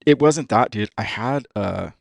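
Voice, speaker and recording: This racing driver on a podcast has a lowish, creaky, expressive voice and talks a little slowly. He keeps it casual and profane, constantly saying "dude," with no room sound in the studio recording.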